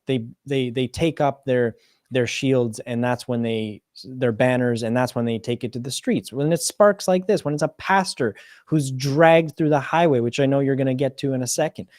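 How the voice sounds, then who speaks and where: A man hosting an interview, talking in an animated way and often stumbling and restarting mid-sentence. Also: mid-range voice, dry recording, clean studio sound. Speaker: host. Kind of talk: conversational interview.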